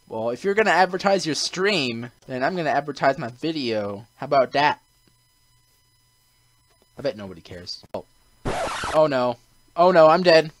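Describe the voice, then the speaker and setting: Brief: excitable male gaming host, high and very animated, game music behind. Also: a little hiss or hum. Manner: excitable, yelps and shouts when in danger. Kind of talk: gameplay commentary.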